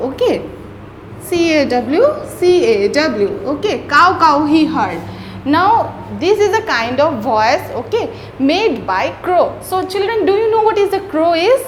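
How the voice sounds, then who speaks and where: A woman's voice: sits high, a little hiss or hum. A young woman teaching a storybook lesson to young children. She keeps saying "okay" and asks the children questions.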